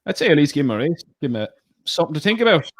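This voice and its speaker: A blunt man co-hosting a laid-back podcast chat. His voice sits slightly high and swings lively up and down. He's quick to swear when something winds him up. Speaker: podcast co-host. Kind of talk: casual banter.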